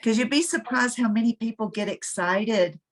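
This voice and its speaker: A woman's voice: on the high side, moderate pace. A woman leading a casual planning meeting, encouraging the group and stumbling over restarts. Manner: encouraging, with false starts. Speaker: group leader rallying members.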